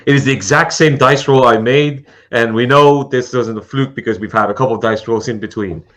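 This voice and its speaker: A man's voice: medium pitch, fairly quick, a bit bright. A man playing in a tabletop game, describing his character's moves hesitantly while thinking aloud. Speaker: player.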